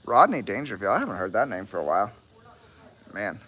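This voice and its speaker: A man's voice: on the low side, very animated, fairly quick, bright, forceful tone. A man chatting casually on a livestream outdoors, rambling with lots of ums and restarts. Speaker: horse rescue livestreamer. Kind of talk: casual rambling live chat.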